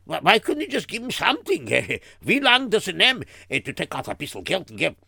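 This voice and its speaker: A man plays an excitable, stammering bystander in a story drama, his high voice swinging wildly up and down. The tone is bright with a gravelly edge, and the sound is dry and close. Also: a little fast, no room sound, heavily acted. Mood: indignant. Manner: stammering, exclaiming in disbelief. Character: excitable male bystander, indignant gossip.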